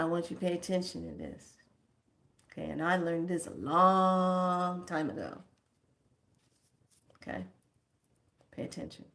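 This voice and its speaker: A woman's voice: low-pitched, creaky. A woman giving spiritual teaching to camera in an emphatic, colloquial way. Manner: slow, emphatic, colloquial; chants words drawn out.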